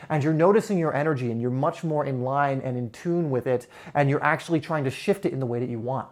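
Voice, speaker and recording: A man's voice: fairly high pitch, quick pace, hardly any pauses. A man speaking straight to camera in a motivational self-help talk, enthusiastic and conversational, with frequent "you know" fillers. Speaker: spiritual self-help creator.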